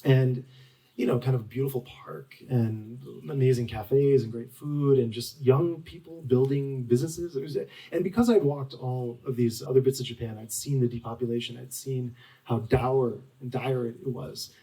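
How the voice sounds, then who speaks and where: Man in his forties, author guest at a bookstore talk; mellow, rambling storyteller, mic set back. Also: mid-range voice, normal speed, recorded from a distance, rough recording. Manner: rambling, full of "like" and restarts. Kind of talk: storytelling at a live book talk. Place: bookstore event.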